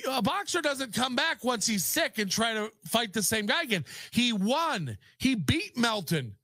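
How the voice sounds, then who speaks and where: A man's voice: very high-pitched, big pitch swings, measured pace, sharp tone, no room sound, studio quality. A man hosting a podcast, ranting in mocking disbelief and laughing often as he reacts to clips. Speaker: podcast host.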